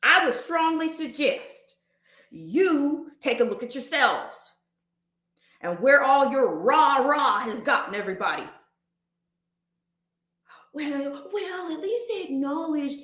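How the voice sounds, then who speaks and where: Lady host on a rant, high voice, lots of room echo, keeps throwing questions at chat. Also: animated, takes it slowly, fairly bright tone. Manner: emphatic, fires rhetorical questions. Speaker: livestream host. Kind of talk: casual livestream rant.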